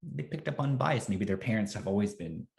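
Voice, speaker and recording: A man speaking as a podcast guest in a musing, animated conversational way. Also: on the low side, brisk, gravelly. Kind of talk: conversational interview.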